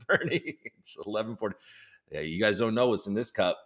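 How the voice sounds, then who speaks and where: A man's voice: lowish voice, quick pace. Profane, rambling male stream host. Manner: profane, rambling, self-mocking banter; reads news headlines aloud. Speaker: livestream host. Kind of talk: casual live-stream chat.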